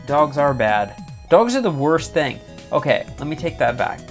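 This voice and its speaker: Guy ranting jokily on a game stream, muffled stream audio, quiet music behind. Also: on the high side, very animated, moderate pace, creaky. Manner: joking, ranting, rambly. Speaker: streamer playing a visual novel. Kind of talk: casual live-stream banter. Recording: slightly dull lo-fi stream audio with faint music.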